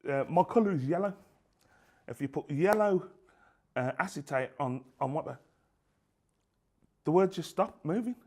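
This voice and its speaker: Gravelly man recounting his past. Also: on the high side. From England. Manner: halting, lively storytelling, acts out both sides of old conversations. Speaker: interviewee. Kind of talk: personal testimony.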